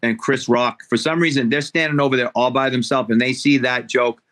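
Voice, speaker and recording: A man's voice: medium pitch, fairly even intonation, fairly quick, fairly bright tone. A man co-hosting a radio show, talking thoughtfully and a bit ramblingly about a fellow comedian. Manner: thoughtful, rambling with fillers and restarts. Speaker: comedian co-host. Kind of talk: casual radio chat. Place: radio studio. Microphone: studio microphone.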